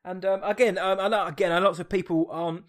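Casting: male co-host, eager casual reviewer, a touch higher pitched. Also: steady tone, fast. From Essex, England. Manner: enthusiastic, reviewing an episode. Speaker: podcast co-host. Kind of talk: casual chat.

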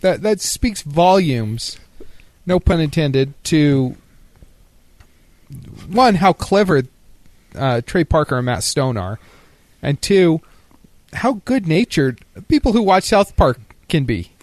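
A man's voice: a little high, very animated, slow pace, pauses often, a little mellow, no echo. Sarcastic joking male podcast co-host. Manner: joking, sarcastic, laughs often. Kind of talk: casual chat.

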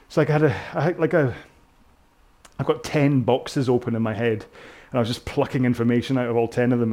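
A British man talks through a rowing session. He mixes technique tips with rambling asides and gently pokes fun at himself. His voice sits in a middle pitch. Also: fast talker. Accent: British English. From Britain. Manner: rambling, self-mocking, chatty. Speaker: rowing instructor. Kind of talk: casual talk over a row-along workout.

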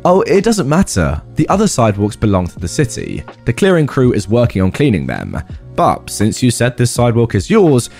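A man reading a calm, dry-witted cop. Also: medium pitch, moderate pace, faint music behind. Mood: mock-polite. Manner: calm, mock-polite.

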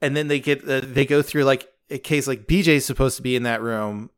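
A man talks through a show scene for his podcast, quoting lines as he goes. His voice is smooth and clear at an ordinary pitch. He is close on a home mic. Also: a little fast. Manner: animated scene-by-scene retelling with quoted lines. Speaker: podcast co-host. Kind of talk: casual recap chat.

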